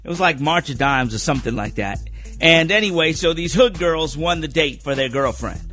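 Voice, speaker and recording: A man hosting a radio show, telling a funny story in an animated, joking way and acting out the voices he quotes. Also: fairly high pitch, normal speed, soft background music. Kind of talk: comedic storytelling on morning radio. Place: radio studio. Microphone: studio microphone.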